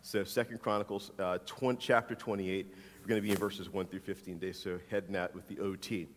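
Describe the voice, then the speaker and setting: Pastor preaching in an echoing hall. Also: male voice, low voice, fairly even intonation, a little fast, a little hiss or hum. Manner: conversational, repeats questions. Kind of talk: sermon. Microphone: handheld mic, swapped mid-sermon. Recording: long hall reverb.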